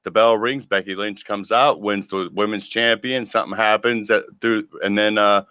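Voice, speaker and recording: Male podcast host, lower voice, sarcastic and jokey, dry mic. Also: fairly even intonation, normal speed, bright, forceful tone, smooth, dry recording. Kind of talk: casual podcast chat.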